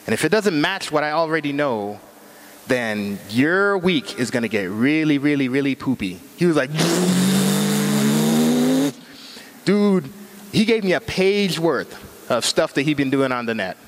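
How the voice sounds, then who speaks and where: A man's voice: fairly high pitch, big pitch swings, slow, long pauses, in a large hall. A middle-aged man giving a casual, joking talk on internet safety, full of slang. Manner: chatty, joking, uses slang. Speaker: speaker at a cyber safety talk.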